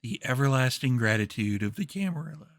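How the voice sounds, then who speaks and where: Brief: man playing a matter-of-fact official, gravelly, close and dry sound. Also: mid-range voice, lively intonation, a little fast, no echo, lightly acted.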